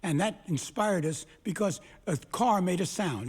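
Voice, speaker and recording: An older songwriter in a recording studio, telling chatty stories between songs at a solo concert. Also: male voice, high voice, animated, moderate pace, hardly any pauses, breathy edge. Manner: chatty storyteller who breaks into song. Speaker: songwriter performing his songs.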